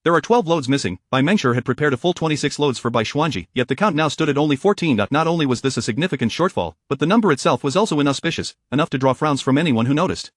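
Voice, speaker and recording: A man reading a romance story aloud as narrator, in a steady, even voice. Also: fairly high pitch, fast, hardly any pauses, dry recording, studio quality.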